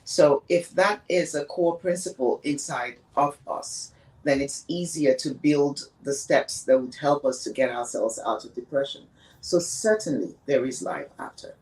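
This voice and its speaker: A woman speaks as a podcast guest in a reflective conversation about grief, talking earnestly and emphatically and repeating words for stress. Her voice is extremely low and darkish, unhurried, heard from a distant mic on a rough recording.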